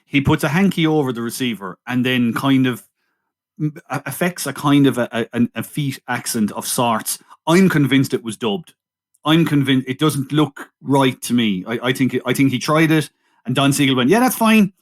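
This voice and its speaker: A man's voice: mid-range voice, normal speed. A man co-hosting a podcast, steering a casual film chat with wry remarks and laughing along. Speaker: podcast co-host.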